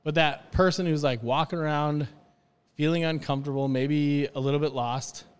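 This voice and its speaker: A man's voice: fairly high pitch, fairly even intonation, normal speed, smooth, in a large hall. A man on a podcast talking earnestly about hospitality in a rambling, casual way with many restarts.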